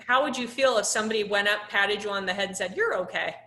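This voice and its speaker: A woman's voice: mid-range voice, quick pace, bright, forceful tone, reverberant, a little hiss or hum. A woman instructor teaching a live online class over a laptop microphone. She talks in a conversational way, with many "um"s, and puts questions to the class.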